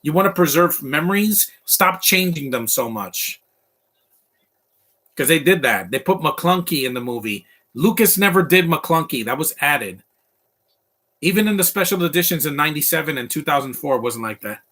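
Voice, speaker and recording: A man's voice: on the high side, animated, normal speed, sharp tone. A man giving casual live commentary over a film, chatty and reacting as it plays. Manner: chatty, quotes film lines along.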